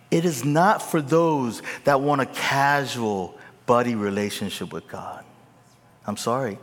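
Animated man preaching a sermon. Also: on the high side, a little slow, big-room sound. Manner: animated, acts out scenes, swings from whispers to shouts. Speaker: pastor.

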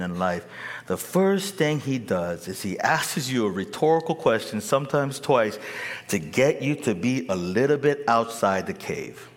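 Animated preacher in an echoey hall. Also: male voice, medium pitch. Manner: animated, calls on the crowd to answer. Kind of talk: sermon.

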